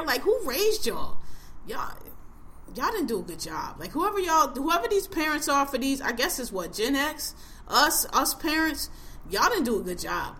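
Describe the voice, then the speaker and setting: A woman's voice: high voice, sharp tone, a little hiss or hum. A woman in her forties hosting a podcast, ranting bluntly and with heavy profanity in casual chat. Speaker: podcast host.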